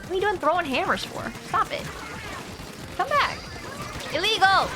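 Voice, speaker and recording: A young woman with a very high, very animated voice talks at normal speed as she streams a game. It's casual chat with her viewers over background music, and she swings between tears and frequent laughter.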